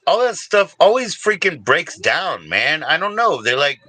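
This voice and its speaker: Lively, bright-voiced older man streaming. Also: fairly high pitch, moderate pace, few pauses. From Washington DC area, US. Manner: rambling and laid-back, peppered with "you know" and "man". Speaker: livestream host. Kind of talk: casual livestream chat with viewers.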